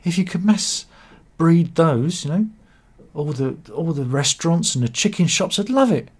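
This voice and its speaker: An excitable passer-by, played by a man telling a joke, amazed by everything he hears. His pitch leaps upward in his astonishment. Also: moderate pace, breathy edge.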